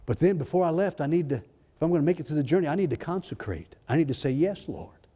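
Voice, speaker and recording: A male pastor preaching a fervent sermon, swinging between loud exclamations and hushed, intimate lines. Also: a little high, lively intonation, very fast. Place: church sanctuary. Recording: long hall reverb in a church.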